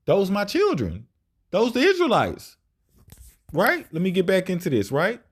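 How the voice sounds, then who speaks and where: A man's voice: fairly high pitch, a little mellow. A man preaching an informal scripture study, reading verses aloud and tagging points with "right?". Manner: informal, repetitive "right?" tag questions, reads verses aloud.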